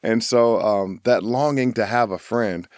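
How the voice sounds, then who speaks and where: A man's voice: unhurried, no room sound, clean studio sound. A middle-aged man from Chicago, a voice actor guest on a podcast, telling his story candidly and acting out the people in it. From Chicago, USA. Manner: animated storyteller, acts out voices with big pitch jumps.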